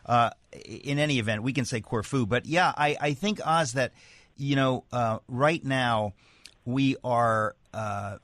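A man's voice: mid-range voice, unhurried, a bit bright, no echo, studio quality. A man hosting a political talk, chatty and joking, often restarting his sentences. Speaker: host. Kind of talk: political conversation.

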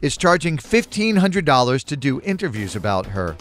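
A man's voice: medium pitch, big pitch swings, moderate pace, faint music behind. A man hosting a radio quiz segment in the studio, reading trivia questions in an upbeat, punchy way. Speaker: radio show host.

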